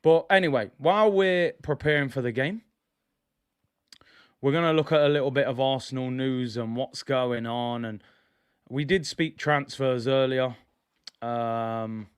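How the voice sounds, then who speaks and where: A young man hosting a live football watch-along, chatting excitedly to viewers in slang. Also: mid-range voice, unhurried, clean tone, dry recording, studio quality. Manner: excitable, slang-heavy, addresses viewers directly. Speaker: football fan channel host.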